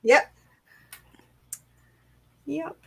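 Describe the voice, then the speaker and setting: A young woman co-hosting a casual live book discussion, excitable and profane, acting out quotes from the books. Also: drawn-out words, rough recording. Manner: excited, swears a lot, acts out quotes. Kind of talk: casual live-stream chat.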